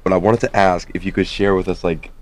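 A man hosting a college radio show, interviewing a guest in a relaxed, slangy way. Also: sits low, fast talker. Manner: laid-back, slangy, hype announcer bits.

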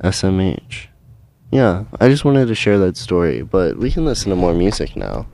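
A young man co-hosting a college radio show, chatting casually and telling stories with animated indignation. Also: low voice, normal speed, creaky. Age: young adult. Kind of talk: casual chat.

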